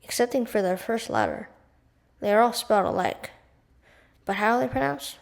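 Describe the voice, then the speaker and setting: A woman's voice: on the high side, very animated, normal speed, gravelly. A woman voicing a fussy, insistent French shopkeeper man who speaks emphatically, in a read-aloud storybook. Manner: emphatic and fussy about pronunciation.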